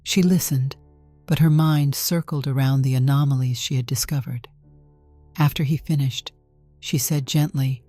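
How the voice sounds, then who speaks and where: A woman narrating a story in a calm, measured way from a script. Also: very deep voice, husky, no room sound. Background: faint music.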